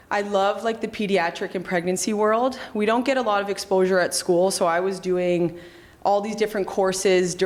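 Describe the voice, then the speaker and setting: A woman in her thirties, a chiropractor, talking casually in an interview, chatty, with many fillers and restarts. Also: mid-range voice. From Canada. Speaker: chiropractor and clinic founder.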